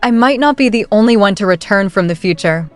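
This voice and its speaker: Nervous young noblewoman, hesitant delivery, voiced by a woman narrator, smooth tone. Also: mid-range voice, lively intonation, fairly quick, faint music behind, lightly acted. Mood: flustered. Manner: flustered, hesitant. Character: anxious young noblewoman reborn in the past.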